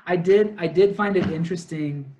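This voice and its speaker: A man's voice: high voice, moderate pace, warm tone, dull audio. A young man in casual book-club talk, retelling a plot at length with lots of fillers and asides. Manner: rambling, detail-heavy retelling with many fillers. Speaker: podcast co-host.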